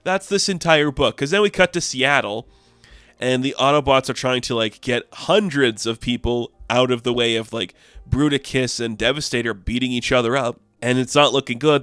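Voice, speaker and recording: Excitable male comic reviewer, casual and chatty, resonant voice, dead-dry booth. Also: mid-range voice, smooth, no room sound. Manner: chatty, filler-heavy, excitable.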